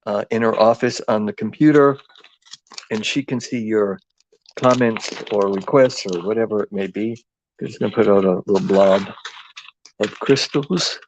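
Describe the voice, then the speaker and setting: A man with a New England accent talks slowly through a live craft demonstration, his lowish voice gravelly with fry. He rambles and cracks jokes as he works. The sound is dull and lo-fi, and the room is dry. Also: darkish tone. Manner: rambling, jokey, thinks aloud while working. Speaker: craft livestream host.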